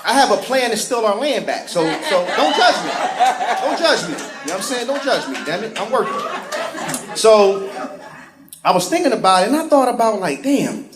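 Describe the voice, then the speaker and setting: A man's voice: high-pitched, big pitch swings, moderate pace. A male stand-up comedian, telling profane, sarcastic stories and putting on voices. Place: comedy stage before a live crowd. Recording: roomy live venue with crowd laughter.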